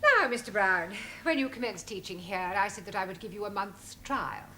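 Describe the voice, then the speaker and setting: An actress with a British accent playing a stern, prim middle-aged headmistress in a sitcom, formal and cold. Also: female voice, mid-range voice, expressive, moderate pace, bright, forceful tone, slight background noise. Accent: British English. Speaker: school principal. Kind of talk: 1970s sitcom acting.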